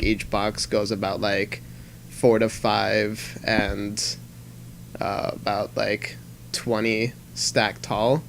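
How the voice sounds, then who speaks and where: A young man co-hosting a podcast, rambling in halting casual chat with many fillers. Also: fairly low pitch, slight background noise. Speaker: podcast co-host.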